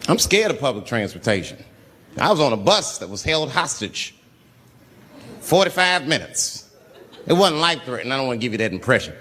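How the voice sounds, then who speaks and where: A man's voice: medium pitch, big pitch swings, a little fast, long pauses, bright, forceful tone. A man doing stand-up, telling a profane story with lots of acted-out voices. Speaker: stand-up comedian.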